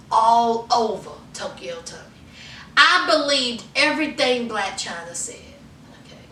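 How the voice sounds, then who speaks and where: A woman giving a casual, sassy gossip recap in an animated storytelling way, calling her viewers honey and y'all. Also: sits high, distant mic. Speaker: recap vlogger. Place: indoor room under hot lights. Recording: roomy, mic set back.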